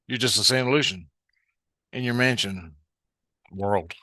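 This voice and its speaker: Bright-voiced, cursing male storyteller. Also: fairly low pitch, measured pace, dry recording. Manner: profane, meandering, with frequent restarts. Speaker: spiritual vlogger. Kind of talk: rambling personal storytelling.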